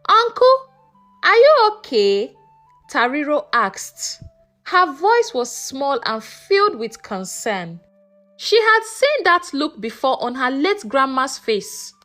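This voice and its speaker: A woman narrating a folktale in a slow, expressive storytelling manner. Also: high voice, faint music behind.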